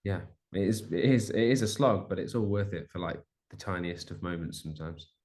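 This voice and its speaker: A young man talks casually as an interview guest, restarting and padding his sentences with fillers. His voice sits a little low. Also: a little fast, a little mellow. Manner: chatty, rambling with many restarts and fillers. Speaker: musician guest.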